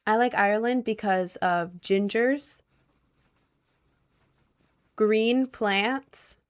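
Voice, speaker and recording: A woman's voice: mid-range voice, very slow, smooth. A young woman from Maryland chatting casually on a livestream, answering viewer questions with playful, dry sarcasm. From Maryland, USA. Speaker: streamer reading chat.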